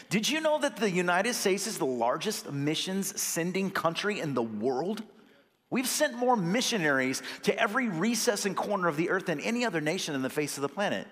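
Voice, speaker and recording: A man's voice: high voice, big pitch swings, a little fast, a bit bright. Man preaching, chatty and earnest, punches up key lines, voice rings out in a big church hall. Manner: earnest, conversational preaching with rising emphatic bursts. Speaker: associate pastor. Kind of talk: sermon. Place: church sanctuary.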